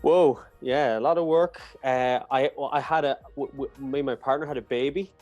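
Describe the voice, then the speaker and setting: A man's voice: mid-range voice, fairly even intonation, normal speed, a little mellow, faint music behind. A man chatting as a podcast guest, friendly and rambling, laughing often. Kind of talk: casual comedic chat.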